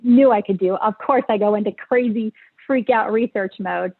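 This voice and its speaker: A woman's voice: medium pitch, normal speed. Woman guest on a tinny line. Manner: hesitant, emotional, many fillers. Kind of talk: personal storytelling interview.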